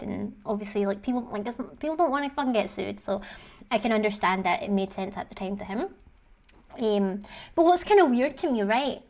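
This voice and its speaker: A woman's voice: mid-range voice, darkish tone. A woman hosting a video, casually retelling a story in a chatty way, full of "like" and swearing. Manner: chatty, swears often, says "like" a lot. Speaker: video host.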